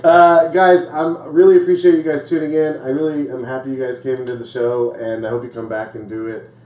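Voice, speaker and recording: A man's voice: mid-range voice, flat delivery, fairly quick, a little mellow, roomy sound, distant mic, slight background noise, low-quality recording. A man hosting a talk show in casual chat, laughing often and talking loosely. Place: small room with live audience.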